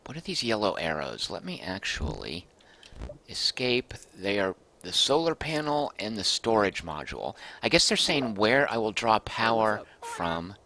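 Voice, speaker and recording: Lively low-voiced man streaming a game. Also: unhurried, gravelly. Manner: thinks aloud, chatty, reads out viewer comments. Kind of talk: casual gameplay commentary.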